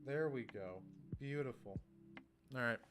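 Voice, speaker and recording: A man's voice: medium pitch, unhurried. Young male streamer, casual profane rant, music underneath. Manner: ranting, profane, rambling. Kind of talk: casual livestream chat. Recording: music playing behind.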